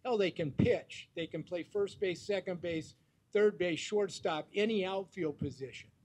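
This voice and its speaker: High-voiced man telling a rambling story. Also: a little slow, a little mellow. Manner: rambling, full of fillers, jokey anecdotes. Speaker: teammate giving a tribute speech. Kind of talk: storytelling tribute speech.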